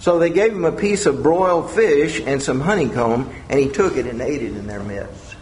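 A man's voice: a little high, normal speed, a little hiss or hum. Man teaching the Bible in an echoey room. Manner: conversational, with lively retelling.

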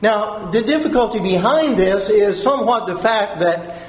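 A man's voice: high voice, normal speed. A man preaching a sermon, earnest, repeating key phrases and asking his listeners questions. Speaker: pastor. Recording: roomy echo.

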